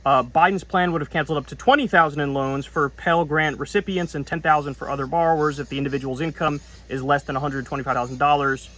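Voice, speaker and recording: A male political commentator explaining the news earnestly in an online commentary clip. His voice sits slightly high for a man, and he delivers it with explanatory seriousness. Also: steady tone, fast, few pauses, a bit bright.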